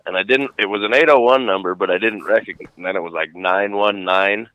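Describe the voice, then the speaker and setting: A man on a call-in show, telling a prank-call story in a relaxed, swear-heavy way. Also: lowish voice, a little fast, no room sound, dull audio. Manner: profane, laid-back storytelling. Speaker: guest caller. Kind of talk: casual storytelling.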